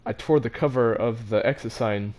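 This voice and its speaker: A man's voice: medium pitch, normal speed, a little mellow. A teenage boy telling a story about his school in a casual, rambling, self-mocking way, with many fillers and restarts. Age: teens. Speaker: vlogger.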